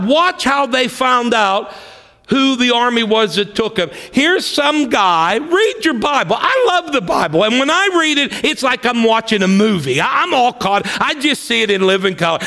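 A man preaching a sermon, telling the story with acted-out voices and swinging between loud, excited passages and hushed ones. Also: high-pitched. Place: church sanctuary. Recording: long hall reverb.

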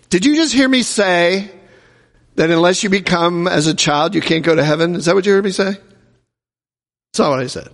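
A man's voice: on the high side, moderate pace, creaky. A male pastor preaching a sermon, emphatic and driving home his points with repeated rhetorical questions. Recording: reverberant hall.

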